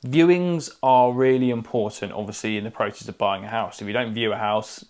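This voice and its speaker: A man's voice: lowish voice, a little fast, a little mellow. Guy, estate agent, clipped chatty anecdotes, podcast co-host, living room chat. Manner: chatty anecdotal storyteller, drops subjects from clipped sentences. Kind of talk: casual storytelling chat.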